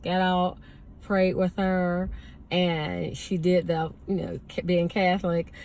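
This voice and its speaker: A woman with a slightly low voice tells a story in a chatty, animated way. She speaks from a parked car, with a faint hum of ambience behind her. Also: slow pace. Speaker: vlogger. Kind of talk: casual storytelling.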